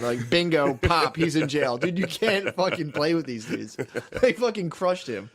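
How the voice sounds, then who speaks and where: A man's voice: fairly high pitch, animated, moderate pace. A man co-hosting a casual podcast, rambling through a story with lots of slang and swearing.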